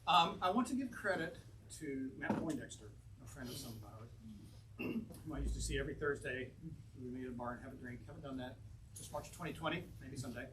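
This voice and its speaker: A man's voice: medium pitch, animated, fast. A man from North Carolina, a poet answering audience questions at a bookstore event, telling anecdotes in a rambling way and chuckling often. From North Carolina, USA. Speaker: poet presenting his book. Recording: distant mic, noisy room.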